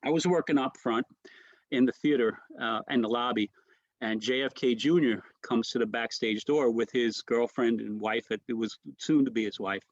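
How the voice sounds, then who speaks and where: A man's voice: medium pitch, normal speed, no echo, muffled recording. A man, a comedian guest, telling rambling stories and mimicking the voices of others. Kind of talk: storytelling anecdotes.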